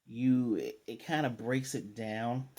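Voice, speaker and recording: A man's voice: medium pitch, slow pace, dark tone. A man giving a casual, rambling recap and review of a cartoon episode, with exasperated commentary.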